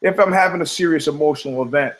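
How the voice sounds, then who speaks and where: Middle-aged male podcast host, slightly high-pitched, sardonic and profane, rambling comic storyteller. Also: quick pace, low-quality recording. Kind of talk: rambling comedic monologue.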